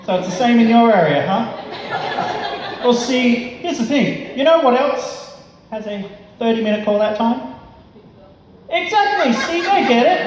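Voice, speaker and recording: A man's voice: very high voice, a little hiss or hum. An Australian man performing a stand-up comedy set at a social club, chatty and teasing the audience. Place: social club gig before a live audience. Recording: echoey club room with crowd.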